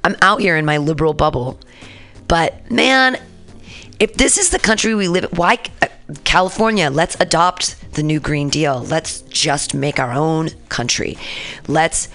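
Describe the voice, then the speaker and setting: A woman's voice: low voice, lively intonation, unhurried, a bit bright, soft background music. A woman hosting a radio show, ranting casually and profanely about politics and talking back to the news. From San Francisco area. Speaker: radio host.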